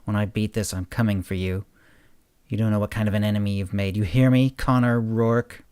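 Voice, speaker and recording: A man reading a story aloud, voicing a wealthy male criminal under arrest who ends up yelling in fury. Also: fairly low pitch, flat delivery, quick pace, clean tone, no echo, natural voice. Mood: enraged. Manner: bitter, then yelling furiously.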